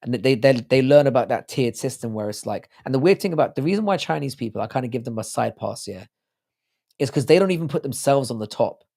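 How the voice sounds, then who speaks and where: Gravelly-voiced man chatting on a livestream. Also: mid-range voice, lively intonation, fast talker, darkish tone. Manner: profane, rambling, reads out viewer comments. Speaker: livestream host. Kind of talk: casual late-night livestream chat.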